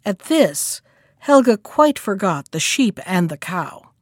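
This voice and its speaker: A woman reading a fairy tale aloud in a measured, expressive storytelling manner. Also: on the low side, husky, no echo, studio quality.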